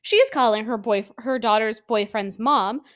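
A woman co-hosting a podcast in casual chat, animated and swearing, acting out quotes from scenes. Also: a little high, moderate pace. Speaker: podcast co-host.

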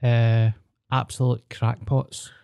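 A man's voice: medium pitch, flat delivery, slow pace, gravelly, warm tone, smooth, no echo. A Scottish man with a mid-range voice, chatting in sweary, storytelling banter. The sound is dry and close, with no room in it. He talks like a podcast co-host swapping stories with a friend. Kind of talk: casual chat.

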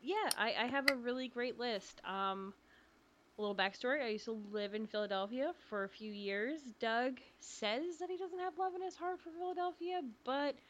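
A woman's voice: a little high, normal speed, a bit bright, dull audio, a little hiss or hum. A young woman co-hosting a podcast in casual chat, rambling and laughing often. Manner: giggly, rambling with frequent ums. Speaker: podcast co-host.

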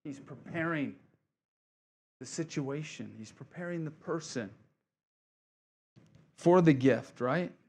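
Pastor guy preaching, chatty and encouraging, keeps asking right?, voice on the higher side. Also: slow pace, long pauses, a little mellow, a little hiss or hum. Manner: conversational, asks congregation "right?" often; encouraging, repeats key phrases. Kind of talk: sermon.

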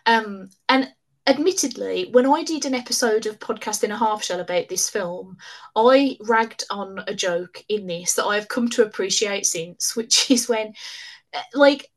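A woman, a podcast guest, chatting casually and animatedly with many fillers and frequent laughter. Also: medium pitch. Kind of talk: casual chat.

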